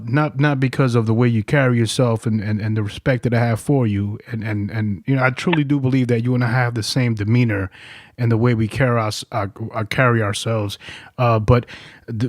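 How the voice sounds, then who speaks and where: Man, podcast host, from New York, loose profane storyteller, mid-pitched voice. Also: no room sound, clean studio sound. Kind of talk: casual interview chat.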